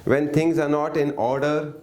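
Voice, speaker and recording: Man, teacher quizzing an audience, slightly high voice, echoey room. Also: level tone, normal speed, darkish tone. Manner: questioning, coaxing the audience to answer. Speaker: workshop teacher. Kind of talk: interactive spoken lesson.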